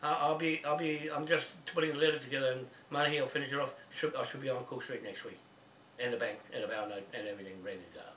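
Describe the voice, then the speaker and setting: A New Zealand man on a phone call rambles insistently, stumbling through restarts, repeating himself and repeatedly asking "see?". His mid-range, slightly bright voice is quick with fairly even intonation, and he sits well off the mic in an echoey recording with faint hiss.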